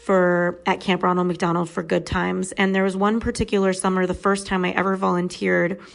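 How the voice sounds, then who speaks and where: A woman's voice: on the low side, little pitch movement, normal speed, vocal fry. A woman in her thirties hosting a podcast, telling a personal story in a candid, conversational way. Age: 30s. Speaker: podcast host.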